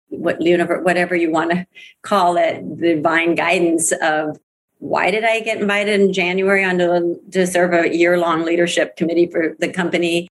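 A middle-aged woman speaking as an interview guest about her network marketing career, earnest and emphatic, repeating phrases for weight. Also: fairly low pitch. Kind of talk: candid interview talk.

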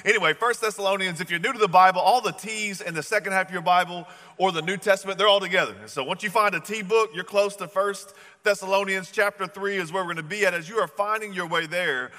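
A man delivers a sermon in a relaxed, storytelling manner. His voice sits a little high and sounds bright and forceful. The sound carries the long reverb of a large church hall. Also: fast talker. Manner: casual, storytelling, chatty with slang. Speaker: pastor.

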